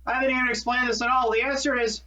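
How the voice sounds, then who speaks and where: A man's voice: very high voice, flat delivery, rapid-fire, bright, forceful tone. A man from Minnesota co-hosting a podcast in a casual, rambling chat, often correcting himself and laughing at his own jokes. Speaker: podcast co-host. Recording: distant dull mic.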